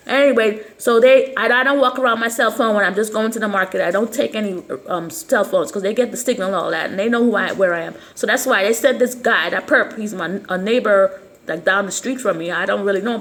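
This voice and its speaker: A woman's voice: medium pitch, fairly bright tone. A woman talking casually to camera in a rambling, agitated way, often stumbling and repeating herself. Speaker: vlogger. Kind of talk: casual vlog monologue.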